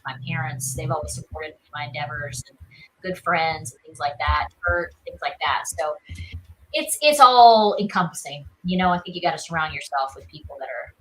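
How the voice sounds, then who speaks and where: A woman's voice: deep voice, moderate pace, a little hiss or hum, rough recording. A woman in her thirties from South Carolina with a Southern accent, chatting as an interview guest and leaning on "you know" and "like". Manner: chatty, upbeat, many fillers like "you know" and "like". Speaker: guest, actress. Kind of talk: casual interview chat.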